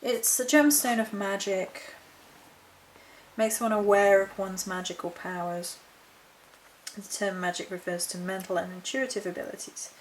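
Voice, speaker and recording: A woman's voice: mid-range voice, fairly even intonation, a little slow, a little hiss or hum, poor audio. A woman vlogger chatting casually through a haul of witchcraft supplies, rambling, backtracking and reading notes aloud from a book. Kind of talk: casual chat showing a haul.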